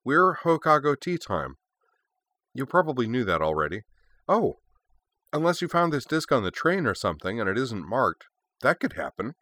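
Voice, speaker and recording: A man voicing a scatterbrained teenage girl who sings in a band, with a high, slightly breathy voice and a rambling, flustered way of talking. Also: sing-song, normal speed, sharp tone, no room sound. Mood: flustered chirpy.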